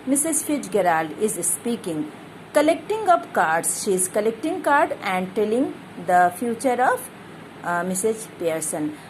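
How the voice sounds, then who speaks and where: A woman's voice: mid-range voice, slight background noise, rough recording. A woman teacher walks students through a play's characters, glossing each hard word and repeating herself as she goes. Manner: explains hard words one by one, repeats herself. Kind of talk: explaining a play to students.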